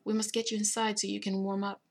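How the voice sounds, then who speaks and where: A woman voicing a calm, commanding alien male emperor who speaks formally without contractions. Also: medium pitch, fast talker, creaky. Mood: gentle.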